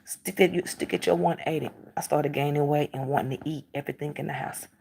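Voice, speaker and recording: A woman's voice: low-pitched, steady tone, fast talker, gravelly, a little mellow, a little hiss or hum. A middle-aged woman talking casually to the camera, emphatic and repeating herself as she acts out bits of dialogue.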